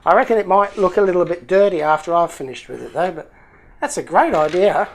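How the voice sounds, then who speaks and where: A man's voice: high voice, expressive, fairly quick, a little hiss or hum. Chatty man unboxing parcels. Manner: chatty, jokey, thinking aloud. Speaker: YouTube hobby channel host. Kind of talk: casual unboxing chat.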